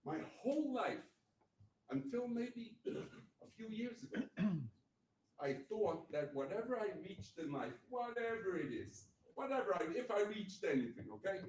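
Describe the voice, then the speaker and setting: A man's voice: high-pitched, sing-song, unhurried, a little mellow. A man in his sixties telling a blunt, profane, motivational personal story as a guest speaker at a meetup. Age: 60s. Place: event venue. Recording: echoey room mic from far off with faint noise.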